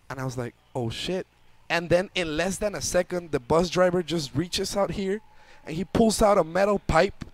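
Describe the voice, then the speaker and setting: A young man tells a long story with lots of life, slipping into the voices of the people in it. His voice sits a bit high for a man. He talks to his audience as a guest. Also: moderate pace, no room sound. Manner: lively, acts out voices in the story. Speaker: interview guest, tournament player. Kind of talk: animated storytelling.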